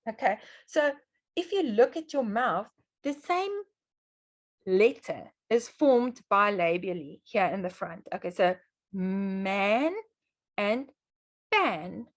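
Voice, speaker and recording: A woman's voice: mid-range voice, expressive, measured pace. A middle-aged woman presenting a webinar lesson on children's reading. She explains step by step and often checks in with "okay".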